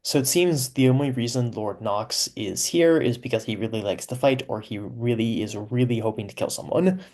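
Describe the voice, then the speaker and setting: A man's voice: medium pitch, moderate pace, a little mellow. A man giving casual commentary on his own story, chatty and amused, laughing often and explaining as he goes.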